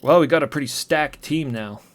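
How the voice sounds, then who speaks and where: A man's voice: a little high, normal speed. A man casually commenting on a game he is playing live, joking as he reads along. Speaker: streamer.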